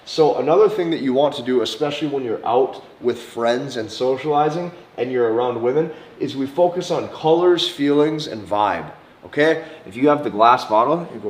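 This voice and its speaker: Male dating coach, mid pitch, slow deliberate talk with soft acted examples, echoey room sound. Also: a little hiss or hum. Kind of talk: instructional monologue to camera.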